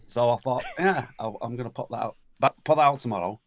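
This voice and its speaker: A man's voice: medium pitch, fast, a little hiss or hum. A man who is a musician and podcast guest, talking hesitantly with many fillers and laughing easily. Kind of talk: casual chat.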